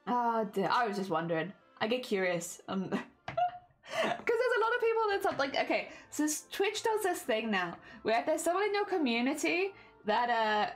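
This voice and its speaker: Casual British female streamer, fairly high and very animated voice, giggly and chatty, faint music under. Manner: chatty, laughs often, repeats "oh dear" while reading chat. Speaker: craft livestreamer. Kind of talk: casual chat with livestream viewers.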